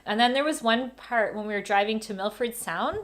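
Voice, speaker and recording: A woman hosting a casual family livestream from home, telling travel stories in a chatty, lively way. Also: fairly high pitch, fairly quick. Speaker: family travel channel host, mother. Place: home during lockdown.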